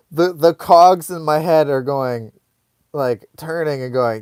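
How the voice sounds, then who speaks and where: A man hosting a live online show, telling a comic story casually in a rambling, animated way full of fillers. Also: fairly high pitch, takes it slowly, long pauses, smooth, no echo, studio quality.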